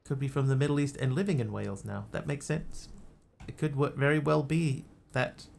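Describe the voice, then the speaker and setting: Creaky-voiced man streaming a game. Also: mid-range voice, moderate pace, a little mellow. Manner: thinks aloud, muttering asides. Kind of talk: casual live gameplay commentary.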